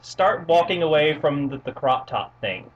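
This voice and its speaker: Easygoing man co-host, expressive voice. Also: a little high, normal speed, highs cut off, slight background noise. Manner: easygoing, agreeable, chimes in and laughs along. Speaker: podcast co-host. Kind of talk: casual wrestling chat.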